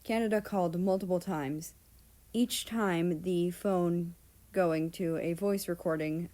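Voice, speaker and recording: A woman narrates a fan story in a leisurely, unhurried way. Her voice sits low and mellow, soft-edged rather than bright. She slips in casual asides and the occasional swear word. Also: steady tone. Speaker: fan fiction reader.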